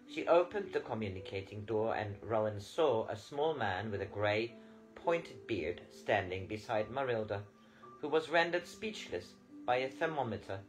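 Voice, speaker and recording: Male audiobook narrator, lively pitch, reading a novel, faint guitar behind. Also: normal speed, poor audio. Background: faint guitar music.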